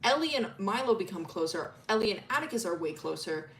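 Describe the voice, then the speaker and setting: A woman's voice: medium pitch, big pitch swings, a little fast, fairly bright tone, a little hiss or hum. A woman streamer casually telling a story about her original characters, rambling with lots of fillers, swearing freely and laughing often. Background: faint music.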